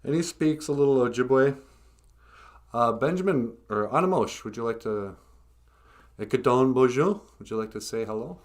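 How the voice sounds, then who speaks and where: A man hosting a casual live stream, talking hesitantly with many pauses and fillers. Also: mid-range voice, animated. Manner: hesitant, many ums and uhs. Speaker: host.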